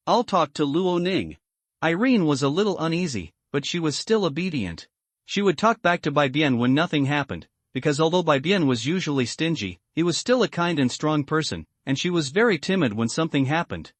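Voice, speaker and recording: A man's voice: a little high, lively intonation, brisk, dry recording. Man narrating a story recap. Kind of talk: scripted narration.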